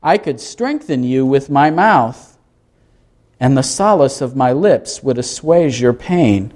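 A man's voice: mid-range voice, expressive, slow pace, darkish tone. A man voicing a suffering man who pleads with God and rebukes his friends, anguished and pleading as he reads. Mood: bitter.

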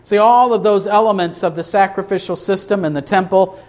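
A man's voice: sits high, fairly quick, a little mellow. A man preaching a sermon to a congregation in a church, emphatic, asking rhetorical questions. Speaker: pastor.

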